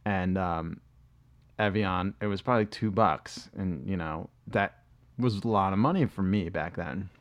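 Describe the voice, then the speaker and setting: A man's voice: sits low, unhurried. A man, co-hosting a podcast and telling rambling, profane stories in casual chat. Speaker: podcast co-host.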